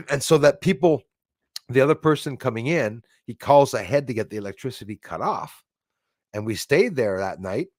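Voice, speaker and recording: A middle-aged man from Canada hosts a casual livestream, reading out viewer comments and musing between them. His voice sits at an ordinary middle pitch and is recorded dry and close. He rambles, chuckles and stumbles through restarts. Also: lively intonation, moderate pace, dry recording. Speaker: livestream host.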